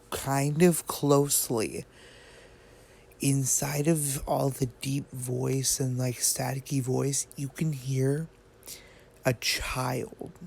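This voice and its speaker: A man's voice: medium pitch, creaky, darkish tone. A man talking casually about a video game theory. He rambles and thinks aloud, often restarting and adding fillers. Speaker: gaming video creator.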